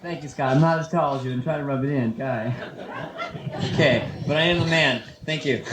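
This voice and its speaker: Young comic working a club crowd. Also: male voice, a little high. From San Francisco. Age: 20s. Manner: loose, teasing crowd work with quick put-on voices. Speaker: stand-up comedian. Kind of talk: live stand-up set. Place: comedy club. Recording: echoey club room with audience noise. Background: audience laughter.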